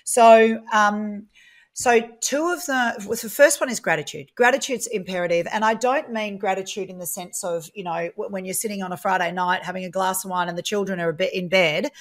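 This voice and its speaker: A woman, a guest in a casual interview, telling stories in a chatty, animated way and acting out the dialogue she quotes. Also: mid-range voice, fairly quick. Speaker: guest, property business founder.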